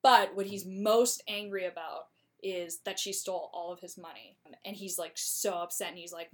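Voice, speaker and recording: A woman's voice: on the low side, fairly even intonation. Chatty woman recapping a story. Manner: chatty, slangy, with quick laughs. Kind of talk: casual plot recap.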